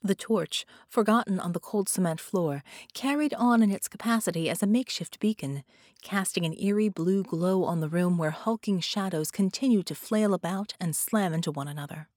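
A woman with a lowish voice reads a dramatic audiobook, her narration measured and deliberate. The recording is close and dry, with no room sound. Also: darkish tone, no room sound.

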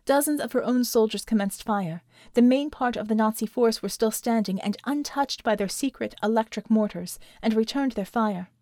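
A woman reading an action story aloud as narrator, steady and measured. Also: a little high, no echo, clean studio sound. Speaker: audiobook narrator. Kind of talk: scripted narration.

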